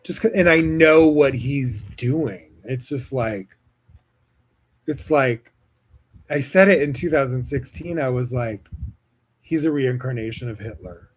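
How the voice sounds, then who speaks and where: A man's voice: mid-range voice, a little slow. Rambling, swearing man on a podcast. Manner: casual, rambling, heavy swearing and filler words. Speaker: podcast host. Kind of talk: solo podcast monologue.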